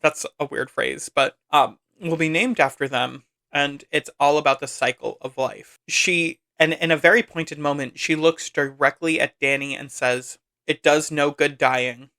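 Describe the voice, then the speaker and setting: Bright, crisp-voiced man recapping a film. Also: a little high, fairly even intonation, moderate pace, hardly any pauses. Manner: chatty, full of asides and "like". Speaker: podcast host.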